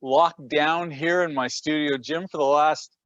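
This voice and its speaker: A man's voice: on the high side, steady tone, measured pace, fairly bright tone, no room sound, muffled recording. A Canadian man, a personal trainer, chatting as a guest from his home gym, self-deprecating and prone to repeating words. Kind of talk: casual conversation.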